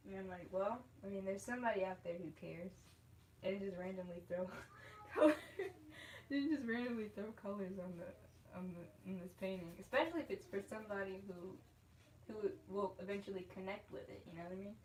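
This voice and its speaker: A woman with a medium-pitched, brisk, slightly mellow voice chats casually with viewers as she paints. She rambles, often restarts sentences, and laughs a lot. The room is echoey, with faint noise in the background.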